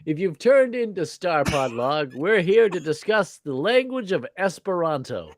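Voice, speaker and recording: A man's voice: high-pitched, sing-song, unhurried, no echo, studio quality. A man hosting a casual podcast chat, rambling and repeating himself as he goes. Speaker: podcast host.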